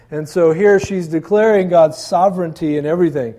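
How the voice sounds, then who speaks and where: A male pastor preaching an earnest, conversational sermon, often pausing with fillers. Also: fairly high pitch, warm tone.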